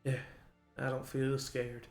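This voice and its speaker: A man's voice: medium pitch, completely flat delivery, slow, faint music behind. A man voicing a blunt, protective sibling holding a rifle, who swears and speaks bluntly, recorded in an echoey room.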